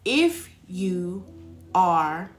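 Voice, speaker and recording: A woman giving a casual spiritual talk as a reader, telling stories in an animated way and calling her listeners baby. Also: fairly low pitch, drawn-out words, soft background music.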